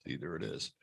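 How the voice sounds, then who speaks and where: A man's voice: lowish voice, fairly bright tone. A middle-aged man hosting an astrology show, talking in a chatty, jokey livestream style. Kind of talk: casual livestream chat.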